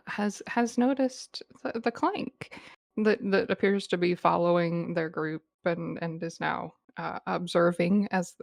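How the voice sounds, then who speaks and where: Woman player, hesitant narration; low dry voice. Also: creaky, no echo. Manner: hesitant, many fillers. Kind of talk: narrating her character in a tabletop game.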